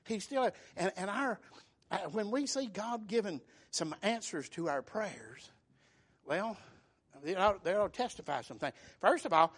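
A man preaching a sermon, telling folksy stories and rising into fervent shouts. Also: high voice, expressive, normal speed. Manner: fervent, builds to shouting bursts, folksy storytelling.

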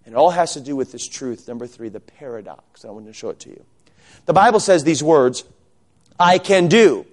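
In a church sanctuary, a pastor preaches to his congregation at a brisk clip with lively intonation. He keeps posing rhetorical questions, swinging between quiet, low asides and loud, raised emphasis.

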